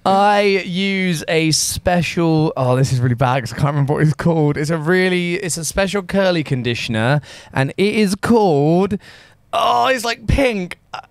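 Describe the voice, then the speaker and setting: A man guesting on a sports podcast, playful and animated, laughing often. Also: high-pitched, moderate pace, clear, resonant tone, dry recording. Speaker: supporters club guest. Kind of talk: casual podcast chat.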